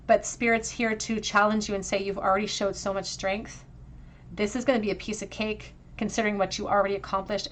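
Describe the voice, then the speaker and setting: A woman's voice: mid-range voice, steady tone, fast. A woman reads tarot cards aloud and speaks directly to her viewers in a heartfelt, emotional way. She talks around braces in a mid-range voice. A faint noise sits under the recording. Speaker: tarot reader. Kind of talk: pick-a-card tarot reading.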